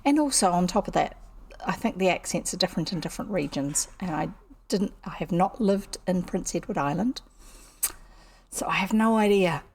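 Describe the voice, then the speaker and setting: Gravelly low-voiced woman rambling on stream. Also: expressive, normal speed, darkish tone, a little hiss or hum. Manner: rambling, interrupts herself. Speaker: livestream storyteller. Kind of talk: casual livestream chat. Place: home desk. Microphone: computer streaming setup.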